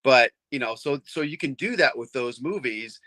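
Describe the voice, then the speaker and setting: Middle-aged guy rambling excitedly, bright forceful tone, super dry close sound. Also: medium pitch, moderate pace, no echo. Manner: rambling, excited, lots of restarts. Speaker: comics fan on a panel show. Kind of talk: casual chat.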